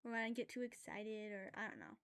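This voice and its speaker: A woman's voice: mid-range voice, brisk, creaky, clear, resonant tone. A woman streaming while she draws, chatting casually with her viewers. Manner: loud, animated ranting, then quiet and apologetic; chatty and self-aware, with filler words and laughs. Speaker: drawing streamer. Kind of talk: casual livestream chat while drawing.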